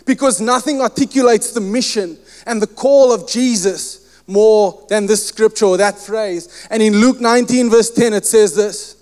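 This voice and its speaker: Male preacher, high and smooth, animated storyteller who voices the dialogue, long hall reverb. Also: moderate pace, hardly any pauses. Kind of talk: sermon with personal storytelling.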